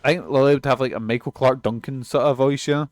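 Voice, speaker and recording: Male streamer, young, chatty and sweary, mid-pitched voice, loose rambling gameplay commentary. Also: fairly even intonation, fast talker, no room sound, soft background music. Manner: rambling and sweary, laughs often.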